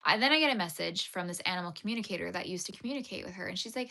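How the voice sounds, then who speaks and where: A woman's voice: lowish voice, quick pace, few pauses. A young Canadian woman hosting a crochet livestream, chatting casually as she tells a long rambling story and acts out the people in it. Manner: rambling, animated retelling with quoted voices.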